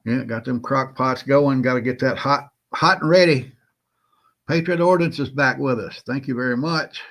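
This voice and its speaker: A man from the Southern United States hosts a relaxed prepping livestream, speaking with a Southern drawl at an everyday middle pitch. It's casual livestream chat, and he calls out viewers by name in a folksy, chatty way.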